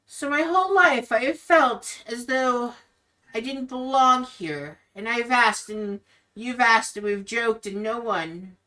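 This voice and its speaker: A woman's voice: on the high side, takes it slowly, bright, forceful tone, distant mic, pitched above the performer's own voice. A woman voicing a torn, questioning young woman who speaks in a pleading, emotional way. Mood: yearning.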